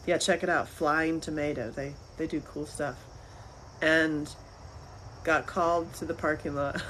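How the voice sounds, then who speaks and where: Woman, interview guest, animated, laughing, repeats herself, faint background noise. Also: fairly low pitch, low-quality recording. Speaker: interview guest, filmmaker and author. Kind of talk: casual interview chat.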